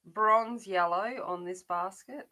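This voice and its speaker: A woman's voice: mid-range voice, slow, pushed and bright. A middle-aged woman chatting casually while colouring, rambling along with frequent restarts. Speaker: adult colouring channel host.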